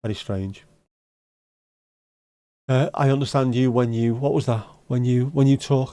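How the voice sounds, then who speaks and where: At a measured pace with frequent pauses, a Liverpool man speaks in a steady, dark, medium-pitched voice with no echo. Hosting a livestream from home in his Scouse accent, he answers viewers' comments casually with blunt, sweary, dry-humoured banter.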